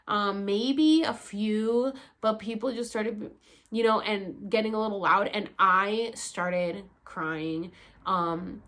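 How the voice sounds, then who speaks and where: Young woman vlogger telling a story casually. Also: medium pitch. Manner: animated, swears freely, fillers like "like".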